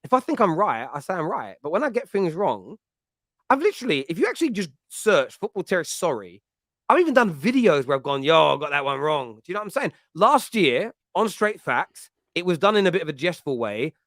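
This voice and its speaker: Male host, East London accent, slightly high voice, lively chat with laughs and restarts. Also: fairly quick, no room sound, studio quality. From East London, England. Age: adult with a school-age child. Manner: animated, chatty, laughs often, frequent restarts. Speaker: fan podcast host. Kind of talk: casual chat, answering live chat comments.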